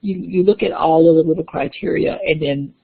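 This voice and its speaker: A woman instructor talks through a classroom lecture, her voice gravelly and husky. She explains step by step and often restarts her sentences. The recording sounds thin and phone-like. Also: deep voice, fairly quick. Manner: explanatory, with frequent restarts and fillers.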